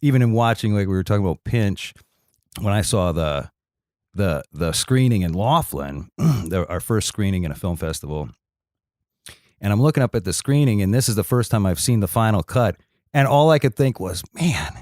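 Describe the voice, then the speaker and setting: A middle-aged man from Wisconsin with a Wisconsin accent, chatting casually as a podcast guest in a slow, deep drawl. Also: animated, a little mellow, no room sound, studio quality. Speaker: actor, guest.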